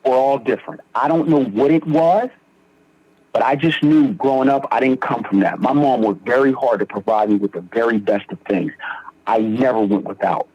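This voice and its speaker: A man's voice: medium pitch, normal speed, husky. A young man from Philadelphia telling his recovery story in a podcast interview, acting out quoted dialogue as he goes. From Philadelphia, Pennsylvania. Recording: dull lo-fi sound.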